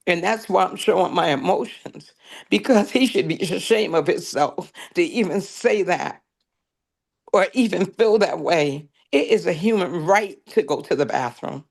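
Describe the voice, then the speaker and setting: Impassioned, gravelly testimony from a transit worker. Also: mid-range voice, unhurried. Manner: impassioned, pleading. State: emotional, near tears. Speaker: transit union member testifying. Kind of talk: public hearing testimony.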